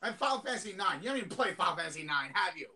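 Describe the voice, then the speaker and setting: A man's voice: high-pitched, lively intonation, racing, creaky. A man co-hosting a podcast in laid-back, rambling banter. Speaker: podcast co-host. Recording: loud background noise.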